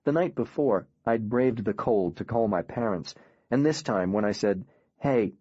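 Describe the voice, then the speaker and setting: A man reading a first-person audiobook in a quiet, grave, measured way. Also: on the low side, animated, breathy edge, no echo, highs cut off. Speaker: audiobook narrator.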